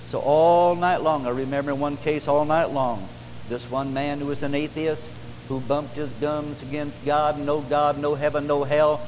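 A male pastor preaching a revival sermon in a church service, building to fervent, drawn-out emphasis. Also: fairly high pitch, a little mellow. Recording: long hall reverb with faint hum.

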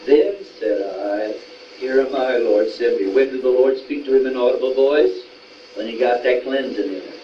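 A man's voice: mid-range voice, normal speed. A man preaching in a homespun, folksy way and retelling Bible stories in quoted voices, in a room with a small gathering. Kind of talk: folksy sermon. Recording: roomy, distant, dull sound with faint noise.

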